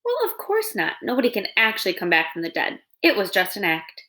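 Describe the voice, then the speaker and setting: A woman's voice: mid-range voice, huge pitch swings, a little fast, bright, forceful tone. A woman reading a children's novel aloud, voicing a chatty, theatrical female possum who gushes about acting. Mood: proud. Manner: dramatic, gushing, eager to please.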